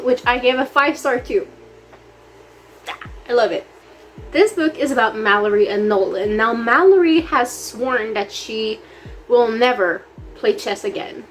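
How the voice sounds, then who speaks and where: A woman chatting casually in a reading vlog, gushing excitedly and peppering her talk with "like.". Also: a little high, slight background noise. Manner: gushing, excited, heavy use of "like". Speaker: book vlogger.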